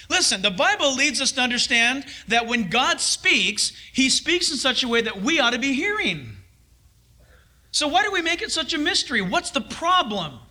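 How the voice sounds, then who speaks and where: A man's voice: very high voice, pushed and bright. A man preaching a sermon, emphatic and conversational, with frequent rhetorical questions. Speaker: pastor.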